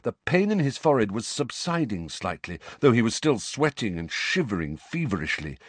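Expressive male audiobook narrator. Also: medium pitch, moderate pace, husky, no echo. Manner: dramatic, expressive storytelling. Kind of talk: scripted narration.

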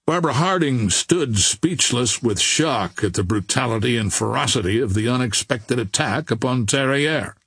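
Gravelly man narrating an audiobook. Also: medium pitch, moderate pace, hardly any pauses, no echo. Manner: steady storytelling. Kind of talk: scripted narration.

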